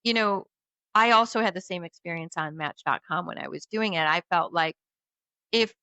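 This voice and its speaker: A woman's voice: lowish voice, moderate pace, bright, forceful tone, clean tone, no echo. A woman co-hosting a casual podcast, reacting with gasps and laughs and jumping in with blunt asides. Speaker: podcast co-host. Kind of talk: casual chat. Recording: slightly dull lo-fi sound.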